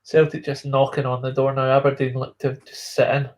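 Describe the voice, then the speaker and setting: A man's voice: mid-range voice, level tone, fairly quick, a little mellow. A man co-hosting a live football stream, giving blunt, opinionated commentary in casual chat.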